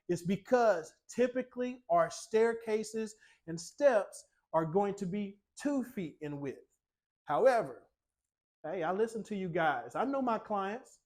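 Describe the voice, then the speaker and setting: Man, high voice, upbeat salesman tone, home tour host, talks straight to viewers. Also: expressive, a little slow, poor audio. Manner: upbeat sales pitch, addresses viewers as ladies and gentlemen. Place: inside a small cabin-style home and on its screened porch.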